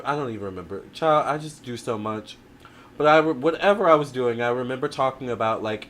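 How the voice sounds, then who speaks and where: A man's voice: mid-range voice, slight background noise. Chatty man hosting a tarot livestream. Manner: chatty and expressive, many fillers and restarts; addresses viewers directly with frequent "all right?". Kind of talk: casual livestream chat reading viewer comments.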